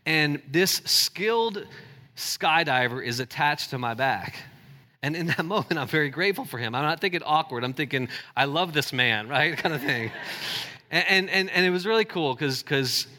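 A man preaching a sermon to a live congregation, telling a personal story in an animated, self-deprecating way with frequent restarts and asides to the audience. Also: a little high, moderate pace. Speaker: pastor. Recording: long hall reverb.

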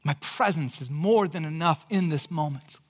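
High-voiced pastor preaching a sermon. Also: male voice, moderate pace. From California, United States. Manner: earnest, storytelling, with dry jokes.

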